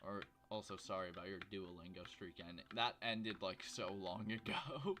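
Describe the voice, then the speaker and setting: A man streaming a video game from home, chatting and joking with viewers in a rambling, casual way on a quiet desk microphone. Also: low-pitched, moderate pace. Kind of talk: casual livestream commentary while gaming.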